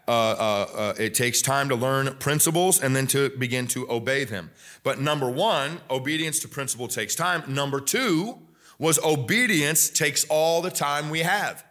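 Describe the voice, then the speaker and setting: A young adult man from the American Midwest preaching a sermon as pastor, telling stories with lively acted-out voices. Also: medium pitch. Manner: animated storytelling, acts out quoted voices. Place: church sanctuary.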